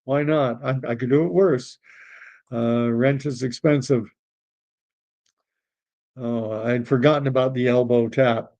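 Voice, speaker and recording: A man's voice: mid-range voice, fairly even intonation, unhurried, pauses often, a little mellow. A Canadian man hosting a political livestream, chatting casually and rambling as he reacts to messages from viewers. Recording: dull lo-fi stream audio.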